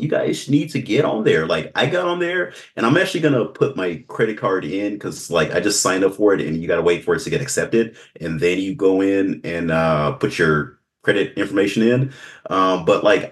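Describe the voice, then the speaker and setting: A man hosting a podcast in a casual, chatty way, with lots of fillers and frequent laughs. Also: sits low. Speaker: podcast host.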